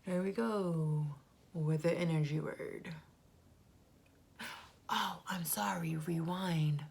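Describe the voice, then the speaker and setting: A woman's voice: fairly low pitch, slow, gravelly, a little mellow, husky. A woman giving a casual, chatty recap of a reality TV episode, gossipy and prone to whispered asides.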